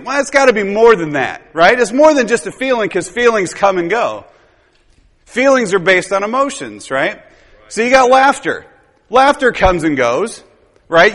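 Man preaching, high voice, rambling conversational sermon, long hall reverb. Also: a bit bright. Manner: conversational and rambling, with tag questions and chuckles. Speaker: pastor.

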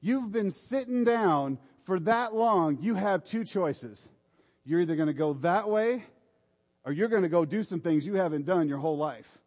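A man's voice: sits high, animated, moderate pace, darkish tone, in a large hall. A man preaching a sermon in an informal, exhorting way, urging his listeners on. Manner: informal, exhorting, repeats "come on".

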